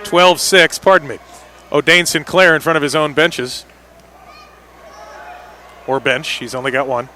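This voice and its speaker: Man, play-by-play commentator, bright cutting voice, slightly high, quick excited calls on big plays. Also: a little hiss or hum. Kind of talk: live indoor soccer play-by-play.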